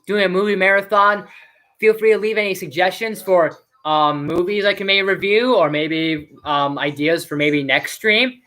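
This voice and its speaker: A man's voice: a little high, sharp tone. A man hosting a casual live stream and reviewing a movie, rambling chattily with plenty of fillers.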